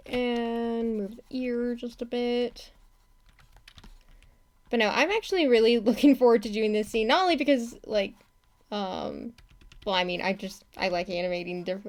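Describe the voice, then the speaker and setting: Giggly young American woman chatting while drawing. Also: fairly high pitch. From United States. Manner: chatty and giggly, with frequent laughs and self-corrections. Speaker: animator streaming her work. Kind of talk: casual live-stream chat while drawing.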